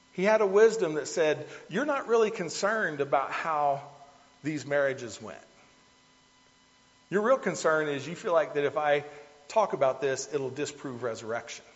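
Man, preacher, folksy conversational sermon, slightly high voice, long hall reverb, muffled lo-fi sound.

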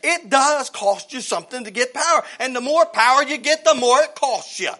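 Man, preacher, very high voice, bright and sharp tone, fervent sermon, folksy phrasing, shouts then hushes. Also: lively intonation, normal speed. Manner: impassioned, swings between shouting and hushed tones; folksy phrasing and rhetorical questions. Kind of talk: evangelical sermon.

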